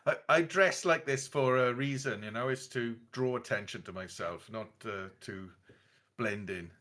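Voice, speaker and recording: A man's voice: mid-range voice, normal speed, a bit bright. A man in casual chat as a tabletop game player, jokey and easygoing.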